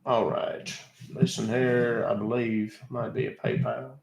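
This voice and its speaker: A man's voice: mid-range voice, level tone, unhurried, vocal fry, echoey room, a crowd in the background, low-quality recording. A man hosting a casual live stream, talking in a sarcastic, teasing, chatty way. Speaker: scam-baiting live streamer.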